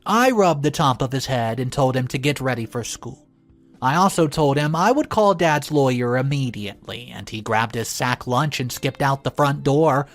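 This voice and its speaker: A woman telling a first-person story aloud, expressive, her voice jumping up for quoted lines. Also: rumbling low, normal speed, faint music behind.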